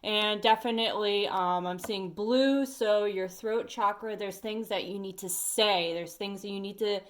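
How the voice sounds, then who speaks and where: A woman at home giving a casual tarot reading to her viewers, chatty and animated, talking straight to the listener. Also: medium pitch, measured pace. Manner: sings snatches of songs and talks to bugs. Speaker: tarot reader. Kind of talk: casual weekly energy reading.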